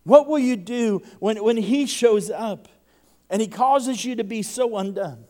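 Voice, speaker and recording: A man's voice: high-pitched, a little slow, mellow. A man preaching a sermon to a congregation, impassioned, often doubling the first word of a sentence as he builds. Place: church service before a congregation.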